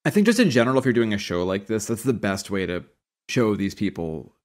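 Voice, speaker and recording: A man's voice: on the low side, sing-song, brisk. A man co-hosting a podcast in casual, joking chat. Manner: joking, playful. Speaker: podcast co-host.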